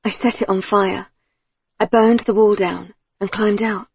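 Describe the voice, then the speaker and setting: A teenage girl speaks with an unsettling calm, plain and even, read by a woman narrator. The voice is mid-pitched and slightly husky, recorded dry and close. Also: measured pace, no echo. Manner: calm, flat delivery. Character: strangely calm, soot-stained teenage girl.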